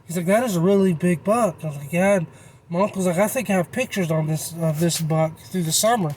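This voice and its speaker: Country guy telling a hunting story, kinda high voice, rambly and folksy, little bit of background noise. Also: brisk, a little mellow, rough recording. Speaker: channel host. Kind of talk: casual storytelling.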